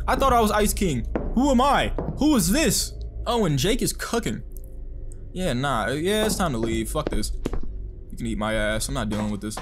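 A man's voice: fairly high pitch, normal speed, faint music behind. A young man giving casual, profane, jumpy gameplay commentary as a streamer. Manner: excitable, profane, jumpy reactions. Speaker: gaming streamer.

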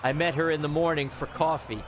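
A man giving loud, swearing commentary while playing a football video game, reacting to every play. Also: on the high side, brisk, background noise. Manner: excitable, yells and swears at the game. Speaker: gamer streamer. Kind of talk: live gameplay commentary.

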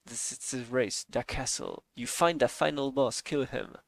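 A man's voice: mid-range voice, moderate pace, creaky. A man playing through indie games as a reviewer, giving bemused let's play commentary and laughing often. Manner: bemused, laughing, talks to himself. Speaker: game reviewer. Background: game music.

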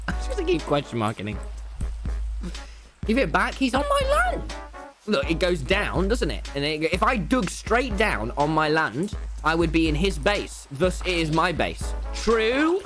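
A young man streaming a game live, talking loudly and excitably to his chat in a brash, boastful way. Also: fairly high pitch, normal speed, over music. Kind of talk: livestream gaming commentary.

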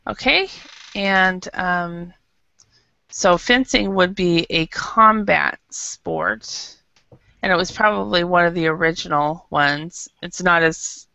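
Gravelly-voiced woman teaching English online. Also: fairly low pitch, sharp tone, no echo. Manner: patient, explains slowly with many fillers. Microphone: video call. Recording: dull lo-fi video call audio.

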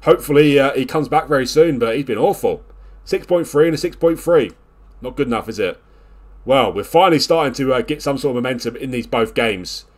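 A man talks over his gameplay in a voice of ordinary middle pitch, scolding his players and sighing in disbelief. He jumps from sudden loud outbursts to low, grumbling mutters, never settling into calm. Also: a little fast. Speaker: video game let's-play host. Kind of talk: exasperated live game commentary.

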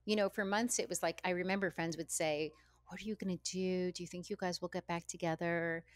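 A middle-aged woman, an author guest in an interview, speaking candidly and reflectively, often halting and repeating words as she thinks. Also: lowish voice, fairly even intonation, no room sound, clean studio sound.

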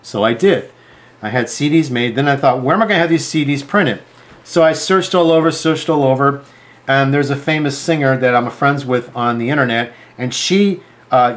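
A man's voice: medium pitch, a little fast. A man, a sewing designer, telling a story to camera in a chatty, rambling way and acting out the dialogue. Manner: animated, acts out quoted dialogue.

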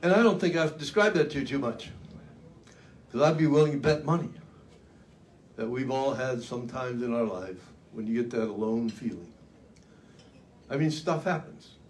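A man's voice: medium pitch, expressive, normal speed, long pauses, a little hiss or hum. An older man giving a luncheon keynote, telling his story in a folksy, dramatic way with self-mocking humor. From United States. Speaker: keynote speaker. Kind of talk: storytelling speech. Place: luncheon event hall.

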